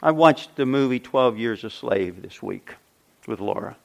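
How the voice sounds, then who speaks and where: A man's voice: medium pitch, lively intonation, measured pace, gravelly, muffled recording. An older man preaching a sermon as pastor, emphatic, with repeated refrains and rhetorical questions.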